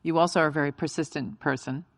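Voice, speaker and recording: A woman host leads a live on-stage interview with encouraging questions. Her voice is low and gravelly with vocal fry, and the sound is dry and close. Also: steady tone, fast, no echo. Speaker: podcast host.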